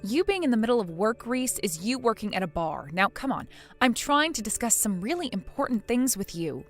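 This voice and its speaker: A woman's voice: a little high, sing-song, brisk, soft background music. A woman voicing a weary young wife in a text-message drama, pleading and defensive. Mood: insistent.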